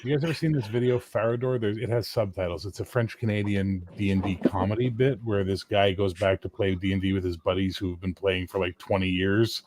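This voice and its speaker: A man in a casual group chat, loud and joking and swearing freely. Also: lowish voice, fairly even intonation, a little fast, few pauses, background noise.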